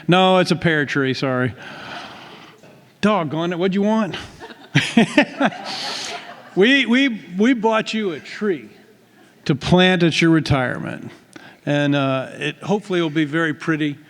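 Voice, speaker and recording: A man, a pastor, giving a folksy, self-deprecating speech at a church retirement party. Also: fairly high pitch. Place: church hall. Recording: long hall reverb.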